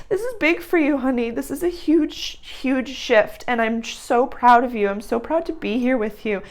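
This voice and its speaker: A woman's voice: a little high, measured pace. A woman giving an intuitive astrology reading, affectionate and rambling, calling the listener dear and honey, with the odd blunt swear word. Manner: tender and rambling, full of "like". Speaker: astrology reader.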